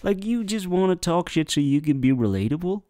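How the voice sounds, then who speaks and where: Young guy heckling a dating clip, cussing, dead dry mic, shouts a lot. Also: sits high, sing-song, a little fast, dry recording. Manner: loud, profane, heckling, swings into shouting. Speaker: reaction commentator. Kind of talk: mocking reaction commentary.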